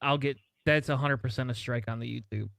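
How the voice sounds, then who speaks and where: A podcast host who has been drinking bantors casually, rambling, joking and cutting himself off mid-thought. His medium-pitched voice is steady, a little fast, creaky and a bit bright, with no room sound.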